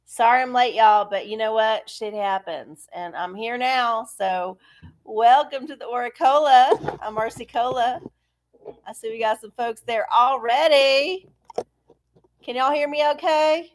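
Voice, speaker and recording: A woman's voice: fairly high pitch, measured pace. A middle-aged woman, hosting a live stream in a breezy, folksy way and cursing casually. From Texas. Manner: breezy, cussing, folksy, greeting viewers. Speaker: livestream tarot host.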